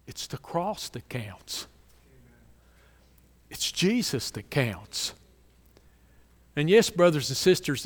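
A man delivers a sermon at a measured, unhurried pace, his voice fairly high for a man and smooth and clear. He preaches emphatically, swelling loud and then dropping low to drive points home. A long reverb hangs in the hall around him. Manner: slow, emphatic preaching with swells and drops in volume. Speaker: pastor.

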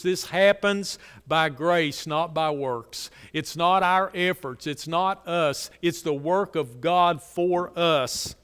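A man delivers a sermon at a measured, unhurried pace, his voice fairly high for a man and smooth and clear. He preaches emphatically, swelling loud and then dropping low to drive points home. A long reverb hangs in the hall around him. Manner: slow, emphatic preaching with swells and drops in volume. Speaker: pastor.

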